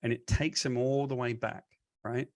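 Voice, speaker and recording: A man's voice: mid-range voice, normal speed, no echo, clean studio sound. A man being interviewed, telling a long, winding story about his career with many self-corrections. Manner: rambling, animated retelling with self-corrections. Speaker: comic book writer, guest.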